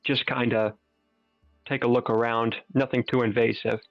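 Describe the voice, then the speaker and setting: A man's voice: mid-range voice, little pitch movement, normal speed, creaky, no room sound, muffled recording, faint music behind. A man playing a tabletop game, speaking casually and hesitantly. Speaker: player.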